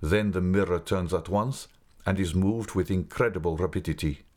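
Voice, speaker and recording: A man voicing a grave, secretive older male guide who speaks slowly and mournfully. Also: deep voice, darkish tone. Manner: slow, measured, mournful.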